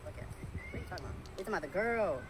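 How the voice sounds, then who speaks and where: A man's voice: high-pitched, expressive, very fast. A man playing a laid-back young guy bragging about a girl, casual and brash, in a skit clip. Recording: noisy phone clip.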